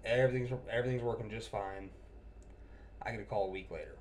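A man's voice: fairly low pitch, a little hiss or hum. Swearing, exasperated man telling a work story. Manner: profane, exasperated, quick to laugh. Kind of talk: casual anecdote chat.

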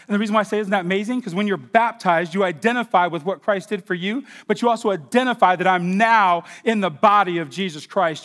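High-voiced, animated male preacher. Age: middle-aged. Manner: animated preaching, swings between loud outbursts and quiet asides. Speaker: pastor. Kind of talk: sermon.

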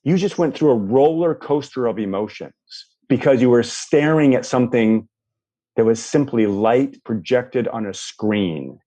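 Speaking at a measured pace in a mid-range voice, this man works as a life coach guiding a guest through a visualization. His coaching talk is lively, and he performs quoted reactions from other people as he goes.

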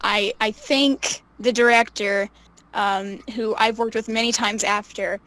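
A young woman telling stories casually as an interview guest, animated, laughing often and acting out what people said. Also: a little high, unhurried, no echo, poor audio. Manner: animated, laughs often, acts out quoted voices. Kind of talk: casual storytelling.

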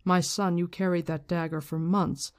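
A reader voicing a calm, commanding woman leader. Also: mid-range voice, normal speed, close to an everyday voice. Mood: stern.

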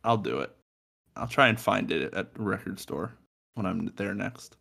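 Low-voiced young man joking on a podcast. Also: animated, moderate pace, gravelly, sharp tone. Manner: joking, swears, laughs often. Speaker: podcast co-host. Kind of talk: casual podcast chat about music. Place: home room by a window.

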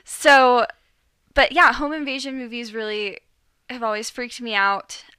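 A woman chatting casually about a horror movie on a podcast, animated and often laughing. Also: a little high, unhurried, smooth, no echo. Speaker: podcast guest. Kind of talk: casual chat.

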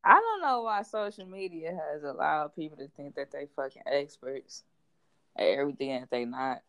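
Woman, podcast co-host, mocking, profane, low pitch. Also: animated, moderate pace, a bit bright. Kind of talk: casual podcast chat.

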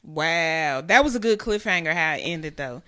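A woman's voice: low-pitched, lively intonation, a crowd in the background. A woman co-hosting a podcast in casual chat, recapping and cutting in with blunt, joking reactions. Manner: quick reactive interjections, blunt humor. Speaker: podcast co-host.

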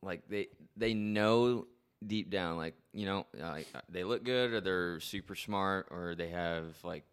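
A young man, speaking in a notably low voice. He is laid-back and teasing as he trades banter on a casual podcast. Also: measured pace, clean tone. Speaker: podcast co-host.

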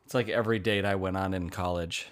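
A man's voice: low voice, steady tone. A young man co-hosting a podcast, upbeat and joking in a casual chat. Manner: upbeat, joking, quick asides. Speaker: podcast co-host.

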